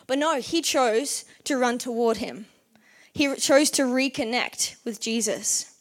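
At a normal speed, a young woman whose voice is fairly high delivers a sermon in an earnest, conversational way. She blends personal story with scripture and occasionally bursts into lively animation.

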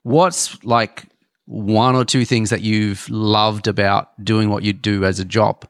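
Steady male interviewer. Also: on the low side, dry recording, clean studio sound. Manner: steady, measured questioning with short backchannels. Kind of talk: interview questions.

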